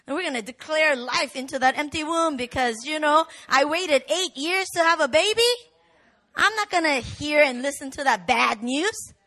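A woman pastor preaching a sermon, animated and rising to shouts in the swells of her message. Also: high voice, normal speed. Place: church hall.

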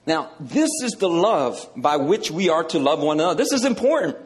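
A male preacher works through scripture in a relaxed, conversational teaching sermon. He leans on words for emphasis and keeps checking in with his listeners. His voice sits a little high for a man. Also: normal speed. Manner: conversational, emphatic, repeats "okay".

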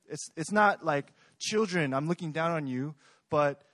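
A man's voice: on the high side, lively intonation, moderate pace, fairly bright tone, no echo. A young man preaching a sermon in a conversational way, often asking the congregation questions. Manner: conversational, asks the audience questions.

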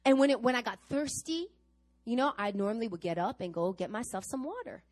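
Woman pastor, middle-aged, preaching, storytelling, acts out quoted voices, higher voice, lively pitch. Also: fairly quick. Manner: animated storytelling to a congregation, acting out quoted voices. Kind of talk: sermon.

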